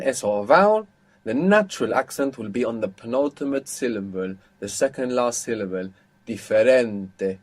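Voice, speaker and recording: A man teaching Spanish in a live online lesson, explaining patiently and slowing down to dictate phrases. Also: mid-range voice, breathy edge. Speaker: Spanish tutor.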